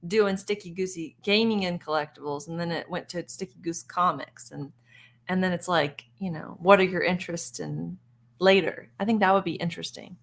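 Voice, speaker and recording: A woman co-hosting a casual livestream chat, chatty and quick to interject. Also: fairly low pitch, creaky.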